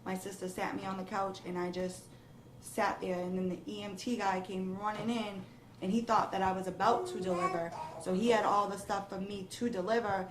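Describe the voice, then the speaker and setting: In an interview, a young woman recounts a frightening personal experience at a moderate pace, her steady, low-key voice growing more emotional and breathless as she goes, quoting others along the way. The room echoes noticeably, with a faint hiss beneath her words.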